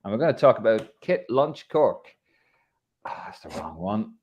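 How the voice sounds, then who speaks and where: A man from Ireland hosting a live football podcast, chatting casually with mates, swearing and joking, his pitch swinging up and down. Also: moderate pace, creaky, husky. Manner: banter-filled, swears, lively swings in pitch. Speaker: podcast host.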